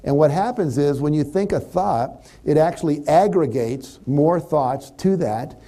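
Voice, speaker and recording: Warm in tone and fairly high in pitch, he sounds animated yet paces himself a little slowly. The man is a motivational speaker who lives in California, giving a conversational seminar lecture to a live audience and acting out illustrative thoughts.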